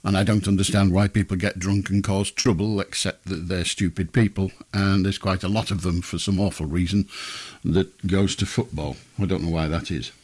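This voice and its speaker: A man hosting a late-night phone-in from a studio mic. His voice sits low and husky, and he speaks in a blunt, dry and dismissive way. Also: fairly even intonation, moderate pace, hardly any pauses, a little mellow. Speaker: radio phone-in host.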